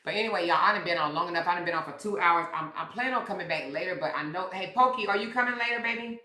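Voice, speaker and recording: A woman's voice: lowish voice, very fast, pushed and bright. Sassy woman livestreamer in an echoey room. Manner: sassy, blunt, profane, talks straight to her chat. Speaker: livestream commentary host. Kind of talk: casual livestream chat to viewers.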